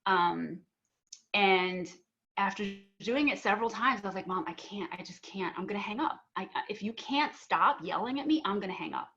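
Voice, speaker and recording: A young woman speaks earnestly and with feeling, acting out both sides of a past argument as she tells her story. Her voice sits at a middle pitch. The sound is a bit muffled and dull, like audio from a video call. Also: expressive, normal speed, fairly bright tone. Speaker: panel speaker. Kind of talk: personal storytelling on a panel.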